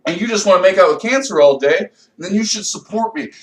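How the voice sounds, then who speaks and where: Brief: young male comedian, high-pitched, profane rambling rant, recorded off-mic in an echoey room. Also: a little fast, far from the mic, heavy background noise. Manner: rambling, swings between low mutters and loud outbursts.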